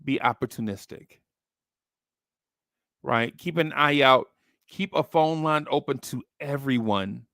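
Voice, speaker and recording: A man's voice: mid-range voice, a little slow, creaky, pauses often, a bit bright, dry recording, clean studio sound. A man hosting a podcast, chatting casually about basketball trades and acting out imagined phone calls. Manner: acts out phone calls in a streetwise voice. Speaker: podcast host.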